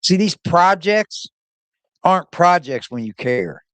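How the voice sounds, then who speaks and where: A man's voice: high voice, very animated, takes it slowly, a bit bright, clean tone, no echo. A man hosting a livestream, casually commenting and greeting his chat. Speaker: livestream host.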